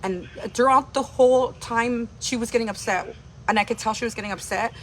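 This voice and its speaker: A woman's voice: a little high, a little fast, slight background noise. Rambling woman telling a story. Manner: rambling, heavy on filler words. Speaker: livestream host telling a story. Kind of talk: casual storytelling.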